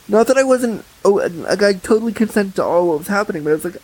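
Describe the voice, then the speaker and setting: A man with a husky voice, a podcast guest telling candid stories in a blunt, animated way. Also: high voice, fast, few pauses, rough recording. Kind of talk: casual podcast chat.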